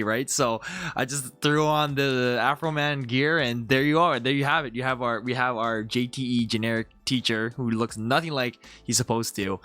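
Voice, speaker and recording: A young man chatting casually as he reviews his own comedy video, animated and full of restarts. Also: mid-range voice. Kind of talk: casual commentary.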